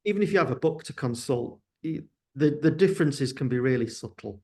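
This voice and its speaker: A man's voice: mid-range voice, animated, brisk, mellow. A sounding man answering interview questions, hesitant and candid, often restarting his sentences. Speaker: guest, company founder.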